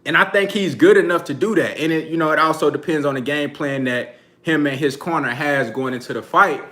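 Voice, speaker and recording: A man's voice: a little high, a little fast, fairly bright tone. Slangy man hosting a boxing live stream. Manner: laid-back slangy, laughs often, reads super chats. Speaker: boxing channel host. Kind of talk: casual live-stream commentary.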